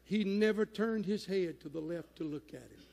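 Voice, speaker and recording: A man preaching a sermon in a church, shouting at his peaks and dropping low in between. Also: normal speed, creaky, big-room sound. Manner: rising to shouted climaxes, then dropping low. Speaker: pastor. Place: church sanctuary.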